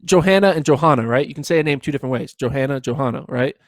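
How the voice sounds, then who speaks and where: A man with a Northeastern Pennsylvania accent co-hosting a podcast in casual banter, animated and defensive, with stammering restarts. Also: medium pitch, racing, no echo, clean studio sound. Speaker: podcast co-host.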